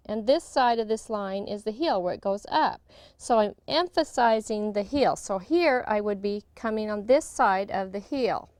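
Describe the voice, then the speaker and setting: Slightly high woman chatting through her quilting steps, sewing machine humming loud behind her. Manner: chatty, narrating each step as she stitches. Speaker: longarm quilting instructor. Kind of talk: hands-on demonstration. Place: quilting studio beside a running longarm machine. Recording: steady machine noise behind the voice. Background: longarm sewing machine hum.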